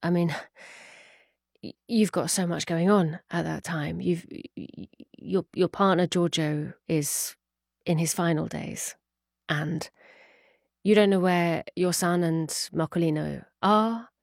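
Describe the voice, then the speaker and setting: A woman's voice: fairly low pitch, fairly even intonation, takes it slowly, gravelly, no echo, studio quality. A woman interviewing a guest, hesitant and repeating words as she asks. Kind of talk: documentary interview.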